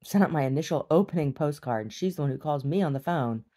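A woman's voice: low voice, animated, fast talker, dark tone. A middle-aged woman speaking in a candid video diary, weary and blunt, swearing freely and breaking into wry laughs. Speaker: video diarist.

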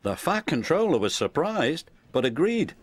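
A man reading a children's storybook aloud in an expressive, sing-song way. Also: fairly high pitch, normal speed, breathy edge. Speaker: storybook narrator. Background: background music.

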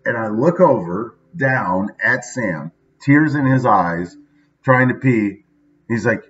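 A man's voice: on the low side, lively intonation, slow, a bit bright. Chatty man, dull lo-fi recording. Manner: chatty, says "right?" often. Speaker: vlogger. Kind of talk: casual daily video monologue.

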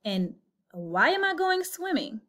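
A woman's voice: sits high, very animated, slow pace, bright, forceful tone, pitched above the performer's own voice, heavily acted. A woman reading aloud and voicing a poor, worried young man in a storybook.

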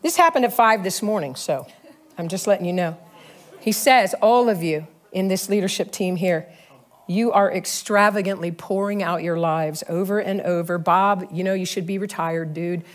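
A middle-aged woman preaching a sermon, telling stories with laughter and animated energy. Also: fairly low pitch, moderate pace. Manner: animated, storytelling, frequent laughs. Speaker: pastor.

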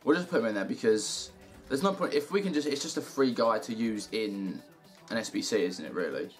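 A young man giving casual commentary over gameplay, muttering to himself and cheering loudly at good results. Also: on the low side, brisk, soft background music. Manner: excitable, shouts and cheers at good packs. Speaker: gaming YouTuber.

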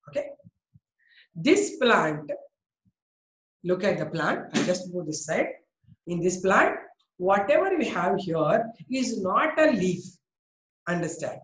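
A woman's voice: mid-range voice, echoey room, low-quality recording. A woman with an Indian English accent teaching a biology class, coaxing students and praising them by name.

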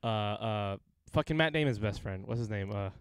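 A man's voice: on the low side, moderate pace, clear, resonant tone. A man co-hosting a podcast in casual chat, joking and swearing freely. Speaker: podcast co-host.

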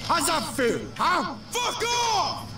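An actor voicing a violent gangster in a video game, snarling profane threats. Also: male voice, very high-pitched, big pitch swings, slow, creaky, sharp tone, shouting, exaggerated voice. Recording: distant echoey game audio with music.

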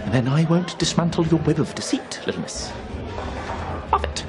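A man's voice: fairly high pitch, lively intonation, moderate pace, music in the background, close to an everyday voice. A man playing a leering, wheedling creep. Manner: wheedling and pushy.

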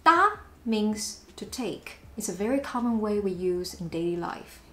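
A woman's voice: mid-range voice, sing-song, measured pace, a bit bright. A Taiwanese-accented woman, a native Mandarin speaker, giving a language lesson and repeating sample phrases with playful, exaggerated intonation. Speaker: language teacher. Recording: roomy echo.

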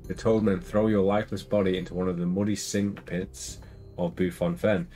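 Low-voiced man reading a gamebook aloud. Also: normal speed, faint music behind. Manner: steady narration broken by dry jokes. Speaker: gamebook reader and co-player.

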